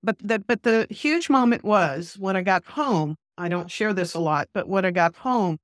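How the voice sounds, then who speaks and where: A woman minister telling a personal story as a podcast guest, with an animated, earnest delivery that acts out the dialogue she quotes. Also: medium pitch, moderate pace, no room sound, clean studio sound.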